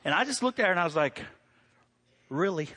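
Middle-aged male pastor, high-pitched, conversational sermon with loud preaching peaks. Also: animated, rapid-fire. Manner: storytelling, swings from quiet to loud preaching.

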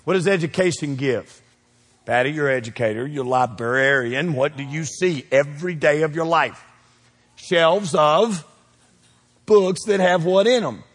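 Preacher man, booming and hushed by turns. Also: unhurried. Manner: call-and-response preaching, asks the crowd to fill in words; swings between loud peaks and quiet low asides. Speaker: pastor. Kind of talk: sermon. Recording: long reverb of a church hall.

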